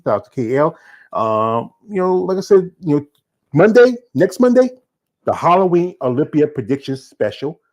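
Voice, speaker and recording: Southern American man, casual host, quick and rambling delivery, mid-pitched voice. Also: a little mellow. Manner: fast talking with many fillers and restarts. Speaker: show host. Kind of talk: casual solo show wrap-up.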